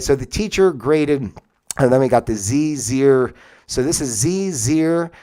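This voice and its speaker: A man's voice: fairly high pitch, a little mellow. A man hosting a livestream, reading aloud from a web page and rambling in casual, incredulous asides. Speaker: livestream host. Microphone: webcam setup, moves on and off camera.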